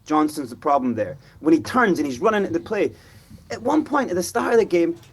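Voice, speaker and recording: A man, talking football on a fan show in an animated way, acting out players' voices. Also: fairly high pitch, a little fast, slight background noise. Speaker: fan pundit.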